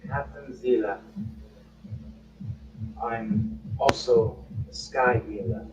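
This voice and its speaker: Guy doing a calm formal lady cleric, slow, echoey far-off noisy mic. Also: medium pitch, natural voice. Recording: roomy, distant, dull, noisy.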